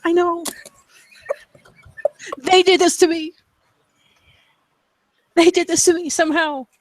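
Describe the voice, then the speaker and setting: A woman player in a tabletop game, talking excitedly in character. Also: very high-pitched, takes it slowly, no echo. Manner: excitable, expressive in-character talk.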